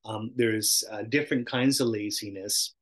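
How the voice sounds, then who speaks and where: A man's voice: on the low side, fairly even intonation, moderate pace. A middle-aged man teaching a casual meditation class, chatty and self-interrupting, often laughing and acting out little voices. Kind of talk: casual dharma talk.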